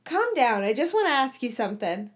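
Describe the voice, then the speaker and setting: A woman's voice: high voice, big pitch swings, a little fast. James Potter, cocky teasing schoolboy, read by a woman. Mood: eager.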